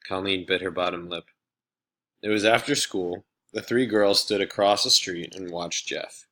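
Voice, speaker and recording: A man reading a children's novel aloud in a steady, plain narrating voice. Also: deep voice, unhurried. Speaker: audiobook reader. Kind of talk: storybook narration.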